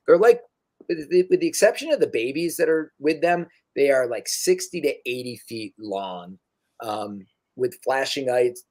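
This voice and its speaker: A young man narrating as dungeon master in a relaxed, halting way with many fillers. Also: mid-range voice. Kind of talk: narrating a tabletop game.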